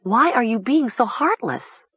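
A woman's voice: a little high, sing-song, unhurried, breathy edge, dry recording, highs cut off, pitched above the performer's own voice, exaggerated voice. A woman voicing a nervous, cornered teenage girl who sounds anxious and pleading.

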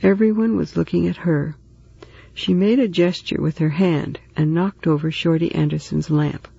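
A man reading a story aloud in steady, even narration. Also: a little high, normal speed, creaky, slightly rough, dry recording, dull audio. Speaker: audiobook narrator. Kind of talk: scripted narration.

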